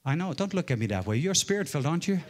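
Guy in his 40s preaching, storytelling, gets loud then goes real quiet. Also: a little high, very animated, rapid-fire, noisy background. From Norway. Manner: storytelling, swinging from loud exclaims to hushed murmurs. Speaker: guest preacher. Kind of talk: sermon.

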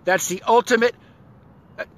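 Here the man's pitch is extremely high, his speed normal, his tone a bit bright. Hosting a stream for his online community, he rambles exuberantly, restarts again and again, greets people by name, and bursts into goofy songs between chat.

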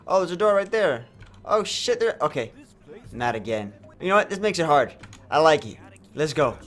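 Young male gamer, higher than average voice, animated comedic play-by-play with cursing outbursts. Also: normal speed, faint music behind. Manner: loud swearing outbursts and joking asides. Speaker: gaming YouTuber. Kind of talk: comedic gameplay commentary.

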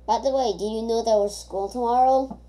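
Mellow-voiced woman rambling over gameplay. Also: fairly high pitch, fairly even intonation, brisk. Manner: rambling, thinking aloud with many hesitations. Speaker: gamer. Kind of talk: casual gameplay commentary.

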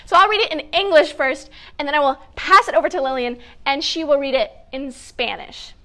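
A woman's voice: high-pitched, fairly quick, sharp tone. A woman hosting a children's story time as a family educator, giving upbeat, encouraging instructions and laughing often. She sits on a hard floor wearing a clip-on mic. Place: sitting on a hard floor indoors. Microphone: clip-on mic with wires.

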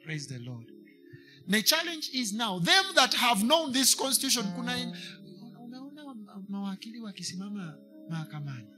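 A Kenyan man delivers a church sermon in a high, bright voice. He pushes his points with emphatic repetition and drops into Swahili now and then. Soft music plays faintly under his words. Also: very animated, moderate pace. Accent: Kenyan English. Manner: preaching to a congregation, switching into Swahili, emphatic repetition. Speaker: preacher.

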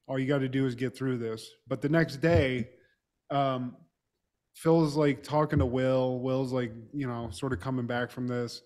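A man co-hosting a podcast, casually retelling a TV episode and slipping into the characters' lines, with some mild swearing. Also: mid-range voice. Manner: relaxed storytelling, quoting characters, mild swearing. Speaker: podcast co-host. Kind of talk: casual chat recapping a TV episode.

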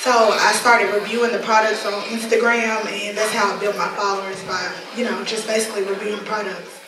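A hoarse woman on a panel, speaking plainly and a little apologetically. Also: medium pitch, little pitch movement, fairly quick. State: hoarse from illness. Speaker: panelist, product reviewer. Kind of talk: panel discussion. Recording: echoey hall, noise, far mic.

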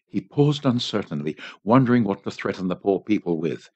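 A man reading a short story aloud in a measured, expressive way for a volunteer radio station. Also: fairly low pitch, no room sound. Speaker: volunteer reader. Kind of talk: audiobook narration. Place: home studio. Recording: dry, slightly dull home studio.

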